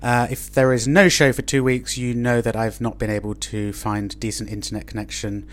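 A man's voice: medium pitch, level tone, moderate pace. A man hosting a casual podcast, chatty and jokey, playfully mimicking other people. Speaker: podcast host. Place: restaurant table with guests.

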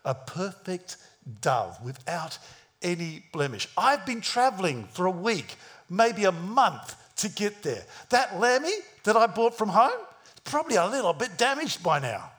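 A man's voice: high voice, very animated, measured pace, fairly bright tone. A man preaching a sermon in a dramatic storytelling style, acting out the scenes he describes. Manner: dramatic, acts out the scenes, plays other voices.

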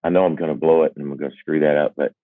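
A man in his sixties, a singer-songwriter, tells personal stories earnestly and reflectively, with self-deprecating humor and halting restarts. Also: very deep voice, fairly even intonation, no echo. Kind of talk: candid personal storytelling. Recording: dry, phone-like narrow sound.

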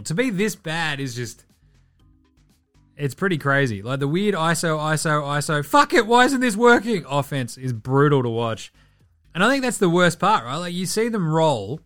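A young man running a solo basketball podcast, with a voice pitched a bit above the usual for a man. He swears freely and talks in a sarcastic, animated way. Faint music plays underneath. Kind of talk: solo sports commentary podcast.

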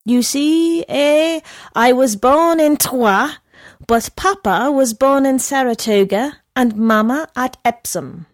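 Woman doing a high, giddy male horse, drunk, broken English, loud and insistent. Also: slow, dry recording, studio quality. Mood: excited.

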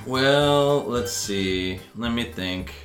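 A man's voice: mid-range voice, extremely slow, a bit bright. A man co-hosting a casual chat, laid-back and joking. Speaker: podcast co-host. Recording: roomy echo, faint music.

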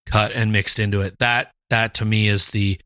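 A man co-hosting a podcast in casual chat, animated and quoting lines in put-on voices. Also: lowish voice, normal speed, smooth, no room sound. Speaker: podcast co-host.

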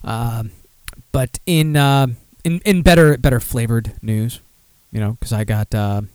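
On his laid-back beer podcast, a young man reads out news items, swearing, rambling, mocking himself, and leaning on plenty of fillers. He talks a little slowly in a clean, slightly mellow mid-range voice with no room sound.

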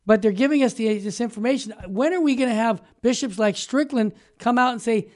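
A man's voice: very high-pitched, brisk, few pauses. A man hosting a talk show in casual chat, jumping in with eager, emphatic remarks.

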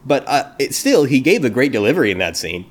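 A man hosting a casual podcast chat, joking and animated as he talks. His voice sits in a middle pitch. He sounds playful and easygoing. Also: a little fast. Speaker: podcast host.

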